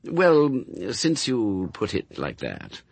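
A man's voice: lowish voice, wildly swooping pitch, slow pace, gravelly, slightly rough, dry recording, exaggerated voice. Aziraphale, a man doing a prim fussy angel. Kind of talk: audiobook character voice.

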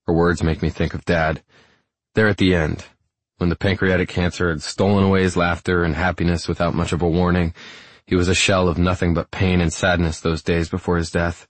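A man with a very deep, husky voice narrates a first-person romance audiobook. His delivery is steady and reflective. The sound is dry and close, with no room around it. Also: brisk, no room sound.

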